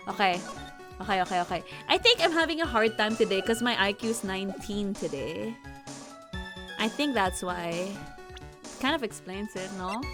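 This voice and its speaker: A woman streaming a game live, reading its lines aloud and joking playfully between them, often breaking into excited repeated words. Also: mid-range voice, a little slow, pauses often, music in the background. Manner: playful and giggly, jokes between read lines.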